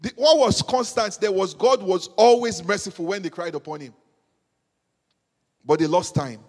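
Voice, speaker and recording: A man's voice: high voice, moderate pace. A man. He is emphatic, repeats his phrases and climbs to fervent peaks. His voice rings with the long reverb of a large hall. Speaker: preacher. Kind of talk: sermon.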